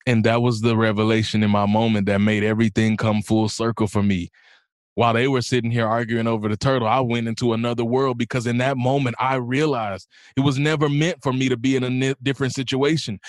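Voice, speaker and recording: A man's voice: mid-range voice, fairly quick, no echo, studio quality. A man, a guest and inspirational speaker, telling a personal story in an interview and rising into an impassioned, sermon-like encouragement. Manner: builds from calm storytelling to rising preacher-like exhortation.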